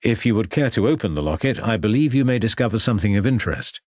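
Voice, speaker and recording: A polite, persistent Victorian police inspector who asks formal, probing questions, read by a male narrator. The voice is low and a little husky, with a lively rise and fall. The sound is dry and close. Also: fast, no room sound.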